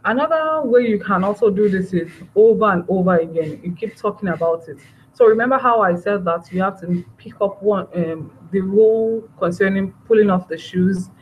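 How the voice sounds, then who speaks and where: Woman, parenting coach, animated teaching delivery with acted-out voices, medium pitch, slight room noise. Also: normal speed, dull audio. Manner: lively, acts out parent and child voices. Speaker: parenting trainer. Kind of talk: training talk to parents.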